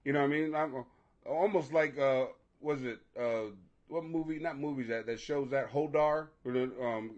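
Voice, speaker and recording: A man with a high, bright speaking pitch talks casually to viewers. He is animated and profane, jokes constantly, laughs easily, and tangles himself up on unfamiliar names. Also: normal speed. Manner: animated, joking, profane, laughs often, stumbles over names.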